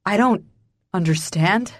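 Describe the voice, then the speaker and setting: A woman voicing a gruff mafia father. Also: medium pitch, slow pace. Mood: harsh. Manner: barking, harsh, then hushed with shock. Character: gruff commanding middle-aged mafia father.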